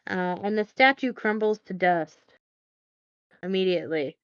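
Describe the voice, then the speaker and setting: A woman's voice: medium pitch, moderate pace, fairly bright tone, clean tone, dry recording, muffled recording. Rambling woman recapping a movie. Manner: rambling, filler-heavy, wry. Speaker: podcast co-host.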